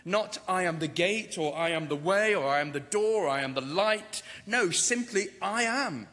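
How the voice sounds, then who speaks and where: A man's voice: on the high side, normal speed, a bit bright. Man preaching a sermon in a reverberant hall. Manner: dramatic, rising to emphatic declarations. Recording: long reverb of a large hall.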